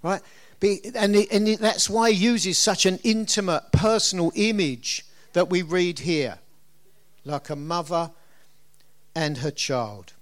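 A middle-aged preacher with a high voice moves at a measured pace through a sermon. His delivery is conversational, and he frequently asks his listeners questions.

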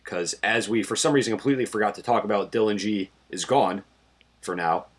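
A man's voice: on the low side, a little fast, husky. A man from Connecticut co-hosting a casual sports podcast, giving dry, stat-heavy game recaps late at night. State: sleepy. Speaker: podcast co-host.

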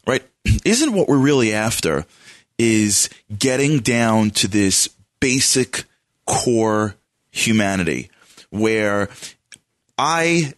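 A man hosting a conversational interview. He thinks aloud and tells stories, and his pitch swings widely up and down. His voice is mid-pitched and recorded dry. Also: slow, long pauses, no echo. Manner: animated and searching, tells anecdotes. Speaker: host.

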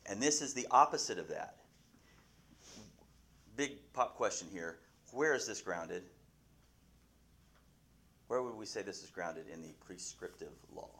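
A man's voice: deep voice, expressive, measured pace, long pauses, a bit bright. A man teaching a Bible class, asking his listeners questions and often restarting his sentences.

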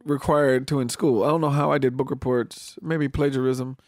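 A middle-aged man hosting a podcast, chatting and joking quickly. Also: mid-range voice, steady tone, darkish tone, no echo, clean studio sound. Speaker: podcast host. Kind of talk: casual chat.

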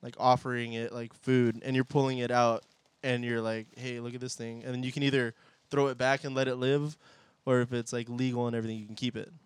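Hesitant man musing, clear voice. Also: medium pitch, little pitch movement, a little fast, hardly any pauses, no echo. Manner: hesitant, many fillers, musing. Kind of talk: casual podcast chat.

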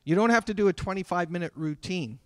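A man delivering a sermon as a pastor, talking conversationally with dramatic pauses. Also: high voice, a bit bright, no room sound, studio quality. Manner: conversational preaching with dramatic pauses and acted quotes.

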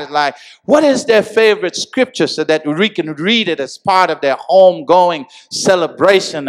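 A man preaching a sermon to a congregation, with call-and-response phrases, rising from calm teaching to shouted emphasis. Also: on the high side. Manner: repeats "come on, y'all" and "amen". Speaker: pastor.

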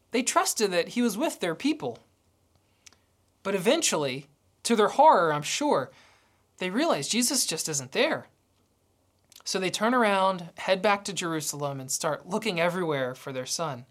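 A woman delivers a sermon in a storytelling way. Her voice sits at a middle pitch, and she voices the dialogue as she narrates. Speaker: preacher.

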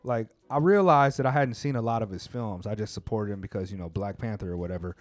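A man's voice: fairly low pitch, fast talker, no echo. A man hosting a podcast, chatting casually in laid-back slang with frequent restarts and "you know what I mean.". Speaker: podcast host. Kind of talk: casual chat. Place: lives in Japan.

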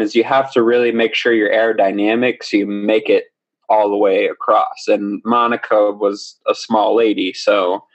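Young man telling a story animatedly. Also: lowish voice. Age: young adult. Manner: animated, laughing as he tells it. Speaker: podcast guest. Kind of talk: casual storytelling. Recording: slightly dull lo-fi recording.

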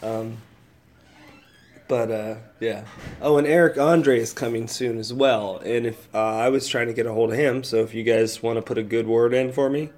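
A married man hosting a casual solo podcast, rambling, swearing freely and thinking out loud as he goes. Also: mid-range voice, fairly even intonation, moderate pace. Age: adult, old enough to be married. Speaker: podcast host.

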